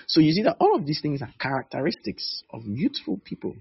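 Husky, lively-voiced pastor. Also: male voice, medium pitch, a little fast, few pauses, no room sound, muffled recording. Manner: conversational, teasing, laughs between points. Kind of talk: sermon.

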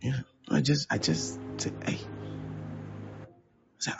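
A man's voice: medium pitch, fairly even intonation, slow, vocal fry, pauses often. A man who is a pastor, preaching a conversational sermon, acting out little dialogues and prodding listeners with "huh?". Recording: dull lo-fi with music behind.

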